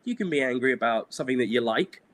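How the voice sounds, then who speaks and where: A man's voice: medium pitch, expressive, quick pace, a bit bright. Candid, rambling middle-aged man. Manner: candid, rambling, laughs often, many fillers. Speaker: animator guest. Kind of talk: casual interview chat.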